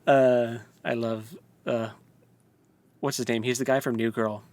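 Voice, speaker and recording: A man's voice: medium pitch, measured pace. Chatty, laughing man podcast co-host. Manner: animated, laughing, filler-heavy. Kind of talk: casual podcast discussion.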